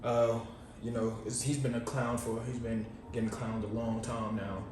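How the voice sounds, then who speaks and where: A man co-hosting a podcast in casual chat, joking and rambling with animated asides. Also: medium pitch, normal speed. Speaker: podcast co-host. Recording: very echoey, distant mic, faint noise.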